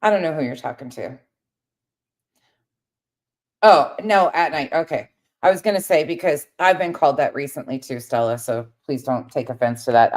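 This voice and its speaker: A woman's voice: extremely low pitch, a little mellow. A woman hosting a casual late-night livestream, talking straight to her viewers, swearing often and getting heated. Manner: paces around while talking. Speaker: livestream host reading chat.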